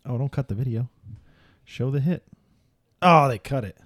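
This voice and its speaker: A man's voice: mid-range voice, normal speed, dry recording, studio quality. A man co-hosting a casual podcast, reading news items aloud with jokes and narrating a video as he watches. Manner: reads news aloud, jokey, narrates what is on screen. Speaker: podcast co-host. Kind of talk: casual chat. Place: podcast studio.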